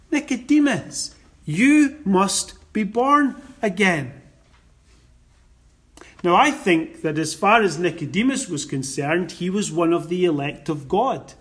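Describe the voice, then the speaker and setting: A man preaching a sermon, quoting scripture and stressing his points with slow emphasis. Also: sits high, fairly bright tone.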